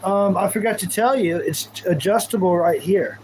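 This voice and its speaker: High-voiced rambling man streaming live. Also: moderate pace, darkish tone, slight background noise, low-quality recording. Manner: goofy, rambling, talks to chat. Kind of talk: casual live-stream chat.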